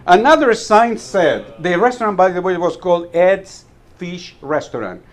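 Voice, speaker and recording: A man's voice: high voice, expressive, normal speed. Man telling jokes to a club audience. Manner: storytelling, chuckles at own jokes, repeats words when restarting. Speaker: Toastmasters club speaker.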